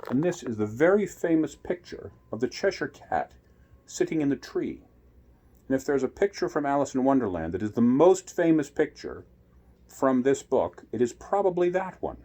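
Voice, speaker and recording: A man reading a children's classic aloud as a bedtime story, gentle and unhurried, adding asides to the listener. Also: mid-range voice, sing-song.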